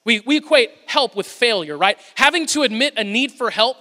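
In a church sanctuary, a man's very high, sharp voice delivers a sermon with plenty of expression at a moderate pace. The pastor keeps it conversational and humorous, spinning stories, while the large hall lends a long reverb.

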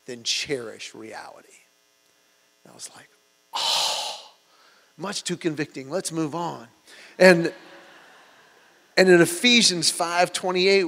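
Guy preaching a sermon, kinda high voice, tells stories and does the voices, big echoey hall with a hum underneath. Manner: storytelling, with lively acted-out quotes. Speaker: pastor. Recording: hall reverb and mains hum.

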